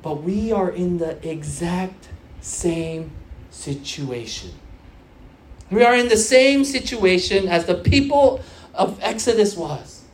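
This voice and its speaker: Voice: mid-range voice, animated, takes it slowly, slight background noise. A preacher of Korean background giving an earnest sermon to young churchgoers, repeating phrases for emphasis and restarting often with fillers.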